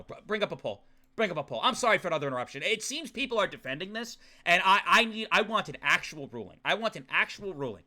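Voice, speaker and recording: A man streaming a visual novel game, reacting with excitable, profane rants to chat. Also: high voice, fast. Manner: excitable, ranting, swears often. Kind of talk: live game commentary.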